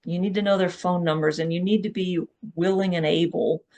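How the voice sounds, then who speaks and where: A speaker at a live workshop talks in a direct, urging way and keeps checking in with the listeners. The voice sits at a middle pitch and has a gravelly, fry-edged texture. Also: steady tone, fairly quick, darkish tone. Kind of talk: live public talk.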